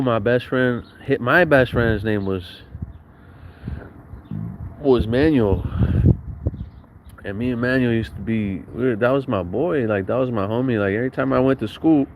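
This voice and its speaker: A young Southern California vlogger with a medium-pitched voice casually tells profane, slang-filled stories about his childhood. The sound is phone-quality and the recording is noisy.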